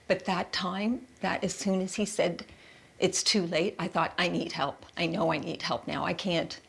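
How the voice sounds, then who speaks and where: A middle-aged woman from Canada giving a halting interview testimony, repeating words and quoting her own thoughts. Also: fairly low pitch, vocal fry, slight background noise. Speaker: interviewee recounting her experience.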